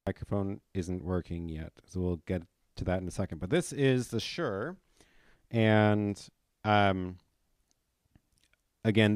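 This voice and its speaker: A man's voice: low voice, clear, resonant tone, no room sound. A man hosting a casual livestream, testing audio gear and thinking aloud with many fillers, close on a microphone. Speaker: livestream host. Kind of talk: casual live gear demo. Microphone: close dynamic microphone.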